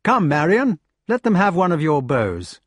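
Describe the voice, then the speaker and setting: A man's voice: a little high, wildly swooping pitch, unhurried, dry recording, voice pushed up, heavily acted. A man reading aloud as a cheerful, shrewd outlaw leader who commands with hearty ease. His voice rises and falls with life and carries a slight huskiness. The recording is close and dry.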